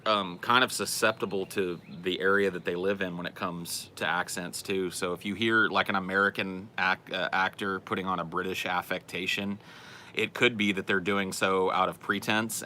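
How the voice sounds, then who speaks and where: A man's voice: sits low, bright, forceful tone, a little hiss or hum. A man hosting a casual livestream chat, reading questions and answering in a rambling, self-correcting way at home.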